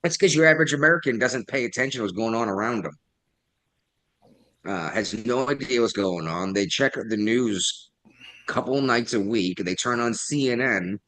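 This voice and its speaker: A man's voice: medium pitch, moderate pace, a bit bright. A man co-hosting a casual political chat show, talking in a sarcastic, mocking way and often mimicking others. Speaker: podcast co-host.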